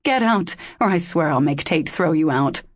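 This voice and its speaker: A woman's voice: sits low, expressive, no echo. A woman voicing a furious, protective female friend in an audiobook. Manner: furious and fast. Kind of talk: audiobook character voice.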